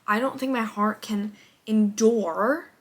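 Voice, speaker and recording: A young woman casually vlogs about her reading in a medium-pitched, slow voice. She's expressive and swears freely, swinging between gushing and exasperation as a book vlogger.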